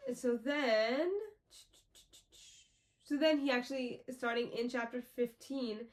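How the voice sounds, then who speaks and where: A woman's voice: fairly high pitch, fairly even intonation, takes it slowly. Gushing woman podcast co-host. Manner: enthusiastic, gushing, laughs often. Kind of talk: casual book discussion.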